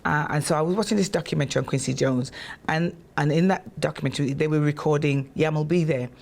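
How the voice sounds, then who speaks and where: A woman from England, a singer telling stories from her career in a chatty, animated way, with fillers and restarts, raising her voice to act out quotes. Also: deep voice, fast talker, gravelly. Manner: animated, acts out quotes in a raised voice. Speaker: guest singer. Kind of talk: casual storytelling interview.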